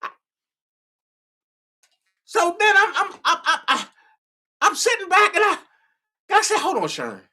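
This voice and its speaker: A man's voice: very high voice, a little slow, pauses often, sharp tone. A man hosting a live stream, talking casually and animatedly, stammering and repeating words. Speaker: livestream host.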